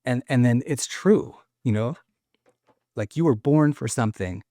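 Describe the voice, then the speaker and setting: Earnest male guest, mid pitch, rambling testimony full of restarts, emotional, dry close mic. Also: expressive, a little slow, mellow, no echo. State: choked up with emotion. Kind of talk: emotional testimony in casual conversation.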